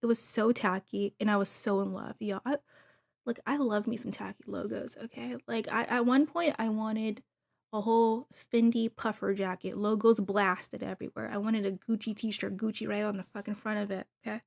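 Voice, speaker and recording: Casual female recap host, middle pitch, gossipy and gushing, talks straight to her viewers. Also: fairly even intonation, moderate pace, creaky. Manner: chatty, gushing asides to viewers.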